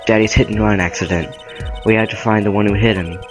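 A man's voice: lowish voice, steady tone, fast talker, music in the background. A young man hosting a game playthrough, reading the dialogue aloud in a jokey, hammy way. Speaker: let's play host.

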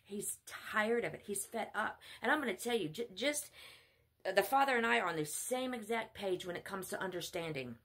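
Female preacher, scolding sermon delivery, sharp and husky. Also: mid-range voice, lively intonation, moderate pace. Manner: blunt, scolding. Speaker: self-styled spiritual mother preaching. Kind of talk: sermon monologue.

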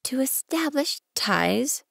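A woman voicing a gentle, curious young boy prince in an audiobook, asking questions in a soft, wondering way. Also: high-pitched, sing-song, takes it slowly, creaky, no echo, studio quality, voice pushed up, exaggerated voice. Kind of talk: audiobook reading.

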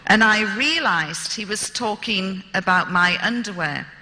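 A woman's voice: medium pitch, a little slow, pushed and bright. A woman telling a humorous personal story in a lecture, with dry, wry delivery. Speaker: speaker. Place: lecture hall. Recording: lecture hall reverb.

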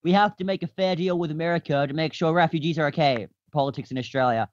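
A woman's voice: low-pitched, fast talker, no echo, highs cut off. A woman chatting casually during a game who keeps teasing the others with jokes. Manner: joking, teasing. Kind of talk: casual gaming chat.

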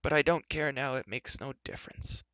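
A man's voice: mid-range voice, a little fast, pushed and bright, clean tone, no room sound, pitched above the performer's own voice, lightly acted. A man voicing a gloomy, put-upon old male recluse who sighs and grumbles wearily, in a dull, dry lo-fi recording. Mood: weary sulk. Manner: sighing, weary, sulky.

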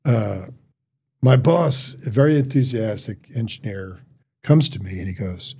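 A middle-aged man, a surgeon, telling stories in casual chat, halting with restarts and quoted dialogue. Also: fairly low pitch, animated, mellow, slightly rough. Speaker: surgeon guest.

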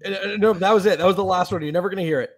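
A man's voice: sits high, rapid-fire. A man co-hosting a casual baseball chat show in a playful, jokey way, easily going along with the other host. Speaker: podcast co-host.

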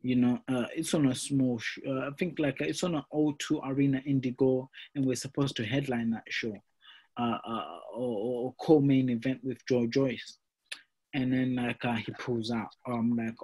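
A young man, a professional boxer, telling his career story in a casual interview, animated and full of fillers like "you know" and "mate". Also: mid-range voice, moderate pace, husky.

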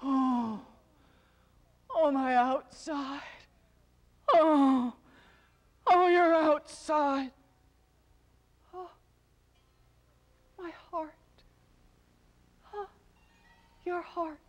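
A woman storyteller voicing the underworld queen in labor, moaning in long drawn-out wails. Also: high-pitched, fairly even intonation, voice pushed up. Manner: long drawn-out wailing moans.

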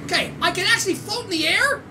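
High-pitched, excitable woman gamer. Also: fast talker. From Canada. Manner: excitable, squealing and shouting, laughs a lot. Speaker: gaming channel host. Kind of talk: excited let's-play commentary. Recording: distant mic with loud game noise.

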